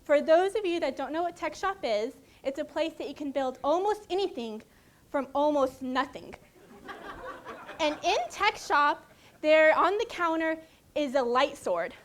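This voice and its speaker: High-voiced woman telling a tall tale. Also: measured pace, a little hiss or hum. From Arizona, USA. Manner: animated storytelling, often laughing. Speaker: speech contest competitor. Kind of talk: humorous tall-tale speech.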